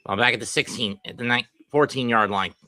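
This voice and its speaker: Bright-voiced man calling a football game. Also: mid-range voice. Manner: brisk clipped calls of each play. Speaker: play-by-play commentator. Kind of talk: amateur play-by-play commentary.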